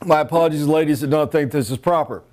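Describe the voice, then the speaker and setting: Brief: male sales trainer, slightly high voice, blunt and emphatic, hammers his points home. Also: quick pace, a little mellow. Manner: blunt, emphatic, repetitive drilling.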